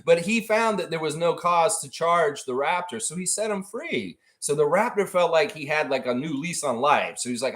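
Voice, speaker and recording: Animated man hosting a casual stream. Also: on the high side, normal speed. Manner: animated, rambling storyteller. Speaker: livestream host. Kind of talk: casual livestream chat.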